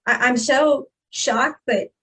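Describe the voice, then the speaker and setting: Higher-voiced woman telling her story emphatically. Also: takes it slowly. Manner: emphatic, animated retelling. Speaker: guest. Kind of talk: personal storytelling in a podcast interview.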